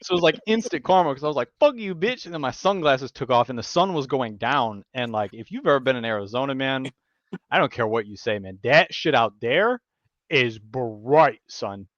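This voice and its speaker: A man tells a story in a casual podcast chat, swearing freely and acting out the people he quotes with lively energy. His voice sits at an average pitch. The recording is dry and a little dull. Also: normal speed, no echo. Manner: animated storyteller, swears a lot, acts out quotes. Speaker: podcast host.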